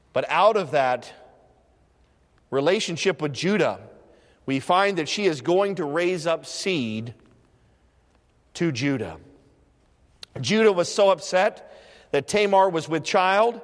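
A man preaching a sermon, swinging between loud, high proclaiming and hushed, low asides. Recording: long reverb of a church hall.

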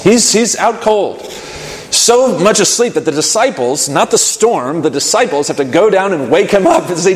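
A man's voice: a little high, expressive, normal speed. A man preaching a sermon, earnest and building to urgent questions, with fillers and restarts. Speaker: pastor. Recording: echoey hall reverb.

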